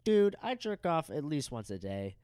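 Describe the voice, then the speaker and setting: A young man co-hosting a podcast, telling a crude story in a loose, animated way and acting out the people in it. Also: fairly high pitch, moderate pace, clear, resonant tone, no echo, clean studio sound. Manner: animated, profane, acts out quoted people. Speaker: podcast co-host.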